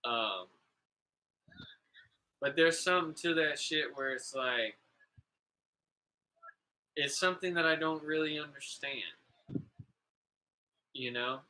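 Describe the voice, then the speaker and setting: A laid-back man talking casually on a podcast, his voice slightly high and very bright with a sharp edge. He rambles through stories, swears a lot and keeps saying "bro". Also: slow pace, long pauses, low-quality recording. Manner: laid-back, profane, calls people "bro"; rambling, full of "like" and "you know". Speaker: podcast host. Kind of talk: casual storytelling chat.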